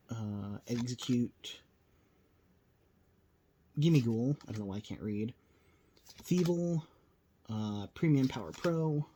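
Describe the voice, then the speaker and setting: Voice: mid-range voice, mellow, a little hiss or hum. A host giving casual, rambling commentary while opening card packs, a little tired and full of fillers. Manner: rambling, filler-heavy, self-deprecating.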